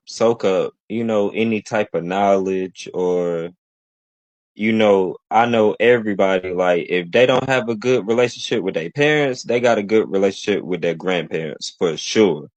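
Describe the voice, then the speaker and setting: Low-voiced man rambling casually. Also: dry recording. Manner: relaxed, rambling, lots of fillers. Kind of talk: casual chat. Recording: dry, dull-sounding recording.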